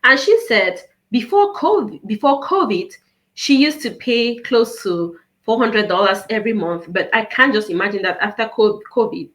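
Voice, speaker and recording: A woman's voice: mid-range voice, normal speed, few pauses. A woman from Cameroon, likely in her thirties, telling her story earnestly as an interview guest. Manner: earnest, storytelling with animated quoted dialogue.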